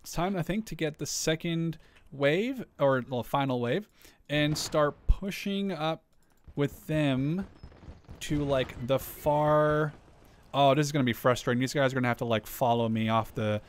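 A man commentating on a strategy game as he plays, chatty and thinking aloud, with quick startled exclamations. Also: medium pitch. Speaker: gameplay commentator. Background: gunfire and artillery from the game.

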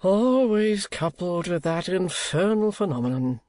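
A man voicing an anxious, eager male actor who sounds high and pleading. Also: expressive, a little slow, a little mellow, no echo.

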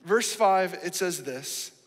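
A man delivers a sermon from the pulpit, emphatic and conversational, often turning to the congregation for a quick nod of agreement. His voice sits high for a man, and it rings out with a long reverb through the church sanctuary. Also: expressive. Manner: emphatic, keeps asking the congregation "right?". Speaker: pastor.

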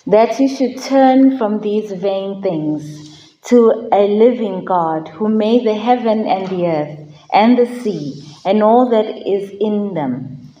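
Slow, measured woman reading scripture. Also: mid-range voice, expressive, mellow, dull audio. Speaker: lector. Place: chapel at a Mass.

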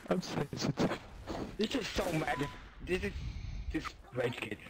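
A man chatting during an online game with deadpan, pleading refusals. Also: fairly high pitch, unhurried, very noisy. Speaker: gaming friend. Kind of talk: casual gaming chat.

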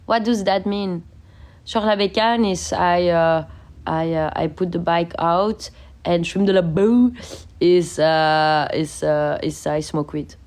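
A woman's voice: on the low side, slow, darkish tone. A young woman, sick, chatting casually on a livestream from her bedroom, reading out viewer comments and laughing often.

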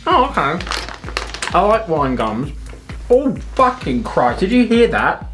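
A British man co-hosts a drag duo's candy taste test, camp, sweary and quick to giggle. His voice leaps up and down as he banters. A faint music bed sits under the talk. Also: sits high, sing-song, fairly bright tone. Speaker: drag queen co-host. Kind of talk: casual chat.

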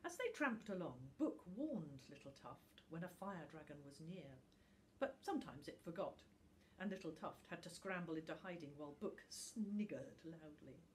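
A woman reading a children's storybook aloud as a teacher, in an animated, expressive way with dramatic pauses. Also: sits low, a little hiss or hum.

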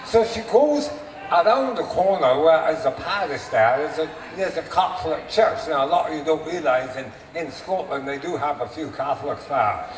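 Man telling a joke at a faire, high voice, lively swoops, echoey far-off sound, noisy background. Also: normal speed. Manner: animated storyteller, addresses audience. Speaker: renaissance faire performer. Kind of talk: stand-up joke telling to a live crowd. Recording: echoey open air from far mic, noisy.

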